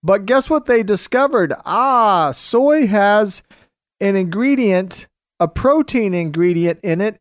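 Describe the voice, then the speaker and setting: A male radio host drives through a monologue with heavy emphasis, repeating his points. His pace is slow and deliberate. The sound is dry and close, with no room around it. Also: high-pitched, expressive, no room sound. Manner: emphatic, repetitive ranting.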